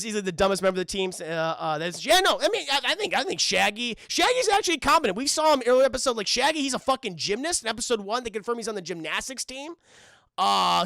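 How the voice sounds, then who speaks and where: Excitable, gravelly man streaming to chat. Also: sits high, no echo, clean studio sound. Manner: profane, excitable, joking. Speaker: streamer reviewing cartoons. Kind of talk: live-stream commentary to chat.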